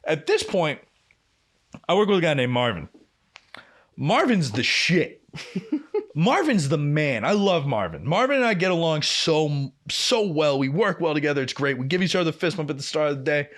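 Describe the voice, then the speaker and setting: Young male podcast co-host, slightly high voice, lively swooping delivery, swears freely while spinning an anecdote. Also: moderate pace. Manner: animated, profane anecdote-telling. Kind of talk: casual storytelling chat.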